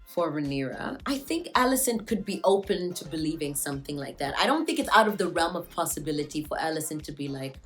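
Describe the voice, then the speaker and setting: A woman's voice: deep voice, very animated, fast, few pauses, faint music behind. A woman recapping a TV episode in a casual vlog, joking and slangy. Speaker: TV show reviewer.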